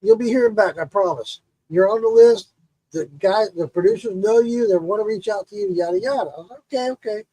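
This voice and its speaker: A man's voice: high voice, wildly swooping pitch, a little fast, gravelly, mellow, no room sound, low-quality recording. A man telling a long, profane story in casual chat and acting out the quotes.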